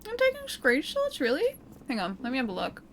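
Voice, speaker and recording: A woman's voice: high-pitched, huge pitch swings, brisk, slight background noise. A young woman streaming a video game, chatting casually with her viewers and giggling between lines. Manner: chatty, giggly, reads chat aloud. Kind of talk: casual gameplay commentary. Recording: game music playing behind. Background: game music.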